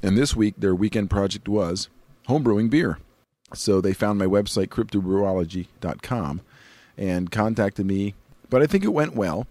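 A man's voice: on the low side, expressive, normal speed, a little mellow, no room sound. A man co-hosting a casual podcast, rambling, laughing easily and chewing while he talks. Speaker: podcast co-host. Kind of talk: casual chat.

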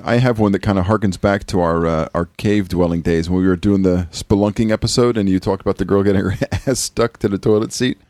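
A man's voice: fairly even intonation, brisk, few pauses, a little mellow, dry recording. A man hosting a podcast in a studio, chatting casually in a joking, rambling way and laughing often. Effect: pitch-shifted high cartoonish voice. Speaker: podcast host. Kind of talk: casual chat.

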